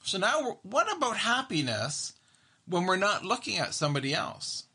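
Bright-voiced man telling stories. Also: high-pitched, big pitch swings, moderate pace, husky. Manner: storytelling, acts out his own reactions, many restarts. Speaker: therapist and podcast host. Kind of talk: casual monologue.

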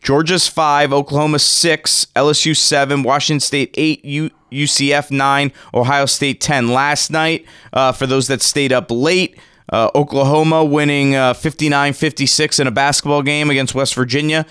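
Smooth-voiced man hosting sports radio. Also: a little high, normal speed, no room sound, clean studio sound. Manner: energetic, rattles off stats and rankings. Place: radio studio. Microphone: studio microphone.

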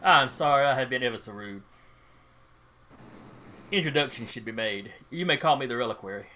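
A man's voice: medium pitch, expressive, fairly quick, bright, forceful tone. A man voicing a smug, courteous old male occultist who talks in a formal, haughty way.

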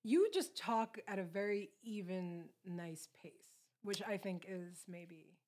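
A woman's voice: medium pitch, darkish tone. A young woman from Long Island, a podcast guest, talking casually with lots of "like" fillers and easy laughs. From Long Island, New York. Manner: chatty, full of "like" fillers and quick laughs. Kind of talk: casual interview chat.

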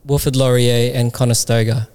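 A man's voice: mid-range voice, level tone, moderate pace, darkish tone, clear, resonant tone, in a large hall. A man guest on a podcast, telling an easygoing story about his student days. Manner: anecdotal, easygoing. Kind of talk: casual chat.

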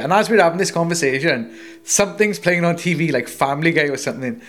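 A man's voice: a little high, fast, fairly bright tone. A man co-hosting a casual podcast chat, sweary and rambling, telling stories animatedly. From Wales. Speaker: co-host, tattoo artist.

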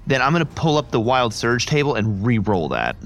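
A man playing a tabletop game, excitable and quick to swear and laugh. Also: mid-range voice. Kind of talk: casual game-night chat.

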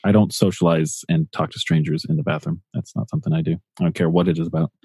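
A man's voice: extremely low pitch, fairly even intonation, fast, dark tone, breathy edge, dry recording. A man co-hosting a casual podcast, chatting in a dry, laid-back way with lots of fillers. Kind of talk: casual chat.

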